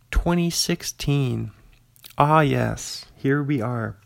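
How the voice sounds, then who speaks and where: A man's voice: medium pitch, gravelly, no echo. A young man rambling casually through a film list, chatty and digressive, reading listings aloud and laughing often. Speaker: commentator reviewing an actor's films.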